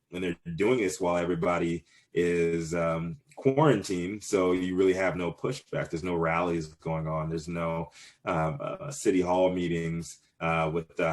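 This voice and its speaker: A man in his thirties answering interview questions casually, rambling with many fillers and restarts. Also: low-pitched. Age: 30s. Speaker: cannabis business owner, guest.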